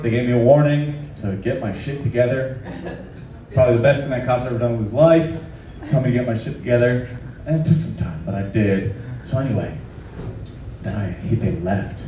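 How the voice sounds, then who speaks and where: A man's voice: mid-range voice, dark tone, a little hiss or hum. A man telling a loose, profane, self-mocking story on stage between songs. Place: live venue with audience. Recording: echoey live room, far off, crowd. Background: crowd laughing.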